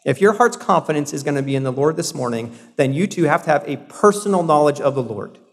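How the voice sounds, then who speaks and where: A man's voice: fairly high pitch, expressive, quick pace. A man in his thirties preaching a sermon as pastor, earnest and emphatic, often repeating words to stress a point. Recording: long hall reverb.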